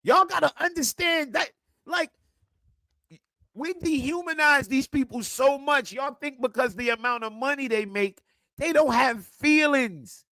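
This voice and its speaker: A man rants on a casual livestream, cursing freely and jumping from low mutters to loud outbursts. His voice sits very high for a man and sounds bright and sharp. It is close and dry, with no room sound. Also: measured pace, no room sound. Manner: profane, animated ranting that swings loud and quiet. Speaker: streamer and football content creator.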